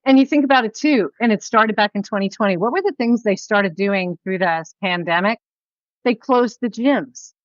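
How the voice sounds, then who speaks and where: Animated woman host, lo-fi sound. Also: mid-range voice, moderate pace, no echo. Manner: animated, rambling, swears casually. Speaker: podcast host. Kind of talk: casual podcast interview. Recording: dull lo-fi audio.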